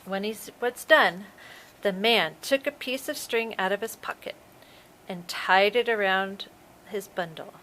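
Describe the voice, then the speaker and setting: A woman, a preschool teacher, reading a storybook aloud to young children in a slow, expressive way. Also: mid-range voice, a little hiss or hum, rough recording.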